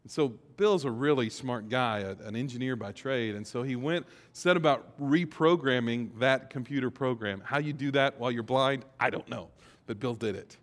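A man's voice: mid-range voice, normal speed. A male pastor preaching a sermon in a folksy, joking way, leading his congregation to repeat phrases back. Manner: folksy, jokes, leads congregation in call-and-response. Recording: long reverb of a large hall.

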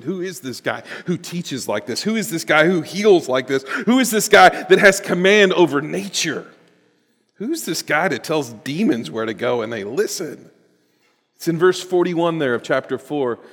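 A man preaching a sermon in a church, animated and building to emphatic bursts. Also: fairly high pitch. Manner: animated, rising to emphatic bursts, with chuckles and repetitions. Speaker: pastor. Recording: long reverb of a large hall.

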